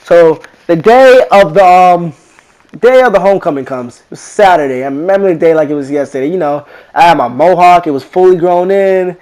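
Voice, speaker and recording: Teenage guy, slangy casual storyteller, fairly high-pitched, animated quoting. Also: brisk. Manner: slangy, rambling, animated retelling with quoted voices. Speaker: vlogger.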